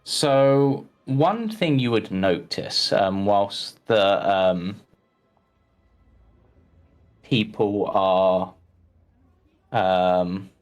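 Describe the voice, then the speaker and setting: Slow-talking game master guy, lots of ums, lowish voice, faint music. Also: lively intonation. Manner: hesitant, lots of ums while describing scenes. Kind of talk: narrating a tabletop game.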